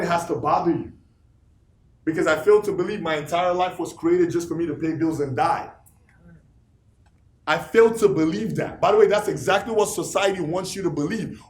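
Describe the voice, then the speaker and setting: A man with a high voice gives a motivational speech in an echoey meeting room. He keeps firing rhetorical questions at the crowd and repeats key lines for emphasis. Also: darkish tone. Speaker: office leader giving a motivational talk.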